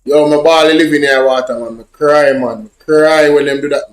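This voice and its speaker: This man's pitch is fairly high and his tone steady, moving at a normal speed in an echoey room with soft music behind him. He's a Jamaican-accented vlogger chatting casually with online viewers, spinning rambling, repetitive stories in patois.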